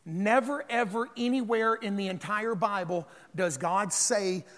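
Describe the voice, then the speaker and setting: A man preaching a sermon as pastor, calling on the congregation to respond and building up to shouts. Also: high voice, a little slow, in a large hall.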